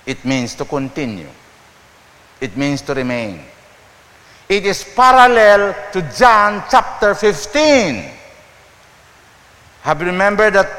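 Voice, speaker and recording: Man, high voice, slow sermon, repeats words, church reverb. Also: a bit bright. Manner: slow, repetitive preaching that quotes scripture verse by verse.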